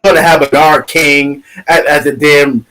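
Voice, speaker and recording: A fired-up man tears into rival fans on a sports podcast, swearing freely as he rants. His voice sits high and keeps climbing as he presses his points. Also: little pitch movement, measured pace, pushed and bright, rough recording. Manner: ranting, profane, trash-talking. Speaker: podcast co-host. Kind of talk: heated sports talk.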